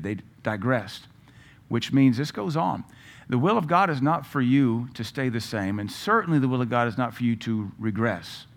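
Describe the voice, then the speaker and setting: Guy preaching a bible sermon, emphatic, hammers points by repeating them. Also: mid-range voice. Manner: emphatic, repeats phrases for stress. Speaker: pastor.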